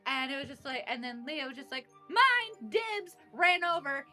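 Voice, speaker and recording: A woman's voice: sits high, fairly even intonation, quick pace, pushed and bright, soft background music. A young woman recapping a tabletop game session, bubbly and laughing as she acts out bits of dialogue. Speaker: player recapping a tabletop campaign. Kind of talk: casual recap chat.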